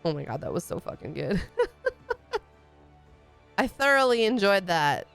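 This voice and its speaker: A woman's voice: fairly low pitch, very animated, unhurried, gravelly, fairly bright tone, clear, resonant tone, soft background music. A young woman streaming a game, chatting casually, giggling and swearing. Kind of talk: casual live commentary.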